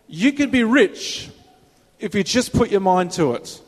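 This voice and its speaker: A man's voice: high voice, expressive, normal speed. A man preaching a sermon as a minister, in a conversational way with rhetorical questions, recorded in a church hall. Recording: reverberant hall.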